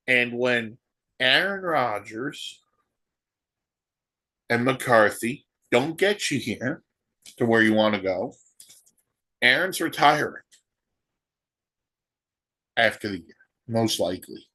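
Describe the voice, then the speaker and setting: Guy ranting on his sports podcast, tons of rhetorical questions, regular pitch. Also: animated, slow pace, pauses often, bright, forceful tone. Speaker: podcast host. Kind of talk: solo sports podcast commentary.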